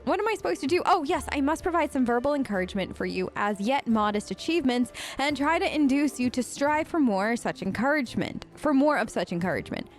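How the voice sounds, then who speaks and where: A woman's voice: high-pitched, animated, fast talker, few pauses, faint music behind, voice pushed up. A woman voicing a pompous, self-absorbed female scholar as she reads game dialogue aloud in a lofty, condescending manner. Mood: lecturing.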